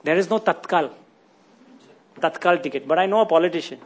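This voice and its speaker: Guy preaching, kinda husky voice, higher pitched, keeps asking the crowd questions. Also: brisk. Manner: rhetorical questions to the congregation, tag questions like "isn't it?". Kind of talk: sermon.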